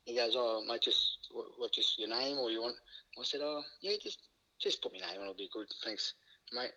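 Very bright-voiced Australian man, laughing storyteller. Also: moderate pace, rough recording. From Queensland, Australia. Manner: laughs often, acts out quoted lines with rising pitch. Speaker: guest, former rugby league player. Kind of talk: casual storytelling.

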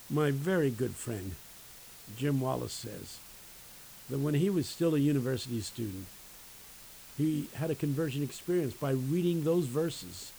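Gravelly man telling a sermon story. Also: medium pitch, animated, mellow, slight background noise, poor audio. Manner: emphatic, dramatic pauses, folksy storyteller. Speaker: preacher and university teacher.

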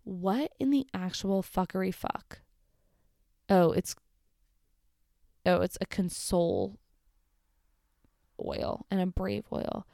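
A woman's voice: mid-range voice, slow, gravelly, long pauses, mellow, no room sound, studio quality. A woman reading messages aloud and reacting with blunt, exasperated, sweary commentary in a casual vlog. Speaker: vlogger.

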